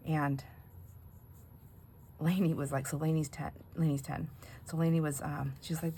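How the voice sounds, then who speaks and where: A middle-aged woman hosts a crafting video, chatting as she works and rambling through funny family stories, laughing often and mimicking other people. Her voice is low, fairly quick and a little mellow, with a touch of hiss or hum in the recording.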